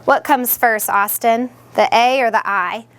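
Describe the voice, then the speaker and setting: A woman teacher in a classroom, patiently guiding young students and sounding out words slowly. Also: on the high side, fairly bright tone.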